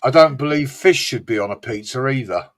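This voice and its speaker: A man's voice: mid-range voice, lively intonation, brisk, slight background noise. A man hosting a casual live-stream chat, rambling, swearing freely and mimicking regional accents. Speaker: host.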